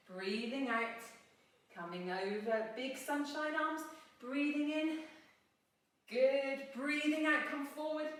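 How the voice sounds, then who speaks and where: A woman's voice: a little high, a bit bright. A middle-aged woman guiding a family yoga class with playful, encouraging cues for a child. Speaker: yoga instructor. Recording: echoey room, mic at a distance.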